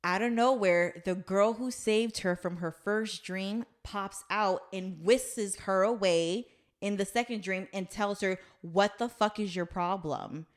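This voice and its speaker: A woman's voice: mid-range voice, measured pace. A woman hosting a casual chat, retelling a story in a loose, rambling way with some swearing. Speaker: podcast host.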